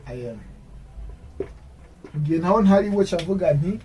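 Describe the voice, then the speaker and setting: A man teaching an English grammar lesson, explaining in his own language and repeating English example sentences slowly. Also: high-pitched, animated, warm tone, far from the mic, slight background noise, rough recording.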